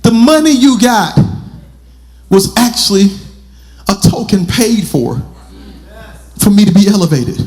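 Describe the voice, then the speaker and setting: A male pastor preaching, swinging into shouted, half-sung lines and calling on the congregation. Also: high voice, animated, a little slow, long pauses. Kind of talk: sermon. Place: church sanctuary.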